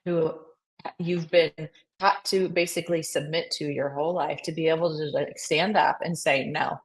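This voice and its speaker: A woman with a notably low voice speaks in an affirming, casual tone. She restarts often with "I mean" as she encourages her friend. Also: steady tone, normal speed, rough recording. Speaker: podcast co-host. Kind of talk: supportive casual chat.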